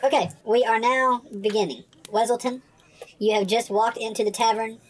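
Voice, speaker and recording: A woman's voice: on the high side, steady tone, normal speed, poor audio. A woman narrating as game master in a casual, chatty, laughing way.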